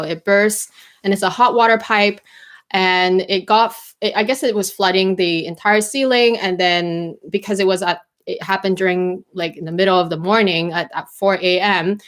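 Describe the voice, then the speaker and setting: A young woman chatting casually on a livestream from home, rambling with lots of fillers and restarts. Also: mid-range voice. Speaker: livestream host. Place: home bedroom.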